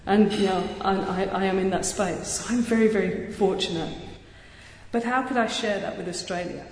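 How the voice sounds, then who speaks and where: A woman giving an earnest, energetic public talk as a surgeon, with touches of self-deprecating humor. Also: mid-range voice, normal speed, a little hiss or hum. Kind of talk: public speech. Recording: echoey hall with long reverb.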